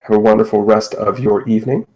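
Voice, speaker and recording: A man narrating as game master of a tabletop game, relaxed and with many fillers. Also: on the low side, quick pace, poor audio.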